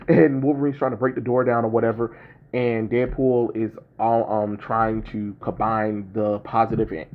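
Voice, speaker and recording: A man's voice: on the low side, slight background noise. A young man casually recapping a film's plot, rambling with many ums and restarts. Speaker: movie reviewer. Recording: dull lo-fi recording.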